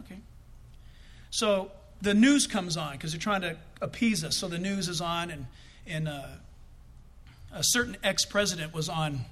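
A man preaching, telling a personal story with lively acted-out dialogue. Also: sits high. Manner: storytelling with acted-out quotes, bursts of laughter. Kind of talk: animated sermon anecdote.

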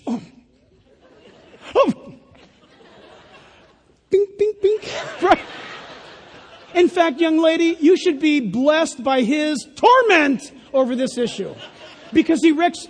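High-voiced older preacher in echoing hall. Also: male voice. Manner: emphatic, playful asides. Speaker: pastor. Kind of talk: sermon. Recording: long reverb of a large hall.

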